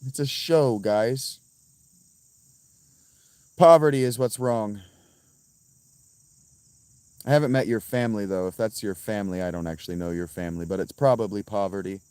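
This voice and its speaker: A man livestreaming outdoors and answering his chat in a profane, combative, quick-tempered way. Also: on the low side, a little mellow, clear, resonant tone, dry recording. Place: outdoors by a fountain.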